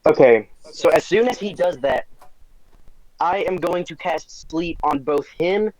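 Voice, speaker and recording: A man's voice: fairly high pitch, a little slow, darkish tone, rough recording. Stammering man playing a tabletop game. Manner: hesitant, stammering. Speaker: player. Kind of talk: casual chat.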